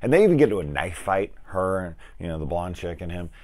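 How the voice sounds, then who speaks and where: Low-voiced man ranting about a film. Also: a little fast. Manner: rambling, profane, animated retellings of scenes. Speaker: film review channel host. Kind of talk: casual spoken film review.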